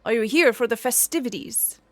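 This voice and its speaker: A hearty, welcoming orc pie-seller woman, as a game master puts her on, loud and eager as she greets customers at her stall. The voice sits a bit high and is recorded close and dry, with faint music underneath. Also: lively intonation, fairly quick, dry recording, natural voice.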